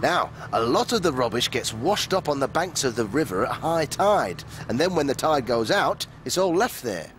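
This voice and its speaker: A man presenting a children's show, reading a storybook aloud in an expressive, animated way. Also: mid-range voice, moderate pace, hardly any pauses, slight background noise.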